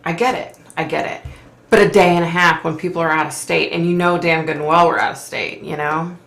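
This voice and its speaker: A woman's voice: on the low side, fairly even intonation, brisk, creaky, a bit bright, roomy sound. A middle-aged woman hosting a psychic livestream, reading viewer comments aloud and answering with sympathy and frequent sighs. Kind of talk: casual live chat reading comments.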